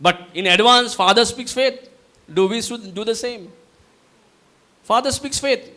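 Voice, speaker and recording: A man with an Indian English accent, preaching a live sermon, halting and searching for words, booming out whenever he quotes the voice from heaven. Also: sharp tone. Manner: booming when quoting the voice from heaven. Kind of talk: live sermon with Bible teaching.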